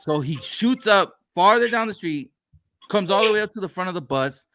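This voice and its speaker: A man in a relaxed podcast chat, telling stories with plenty of swearing and laughs. His voice is fairly high and swings up and down a lot. The sound is close and dry. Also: normal speed, dry recording. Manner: profane, laughing storyteller. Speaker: podcast host. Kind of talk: casual chat.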